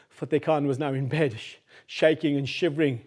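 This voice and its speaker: A man telling a folk tale aloud in a chatty, animated way, talking straight to his listeners and repeating phrases for rhythm. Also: on the high side, moderate pace. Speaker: storyteller. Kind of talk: oral folk-tale storytelling.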